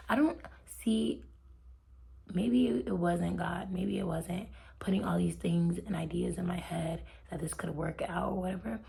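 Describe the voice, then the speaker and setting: A woman's voice: lowish voice, vocal fry, mellow. A young woman vlogger telling a personal faith story in a chatty, heartfelt way, often dropping to a near whisper. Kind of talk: casual faith storytelling to camera.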